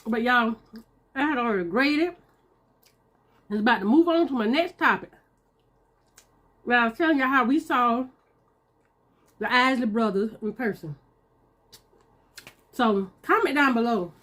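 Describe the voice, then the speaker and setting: A woman's voice: fairly high pitch, lively intonation, a little slow, pauses often, fairly bright tone. A woman, chatting casually to her viewers while eating. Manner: chatty, talks to viewers as y'all, Southern US slang. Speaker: mukbang vlogger.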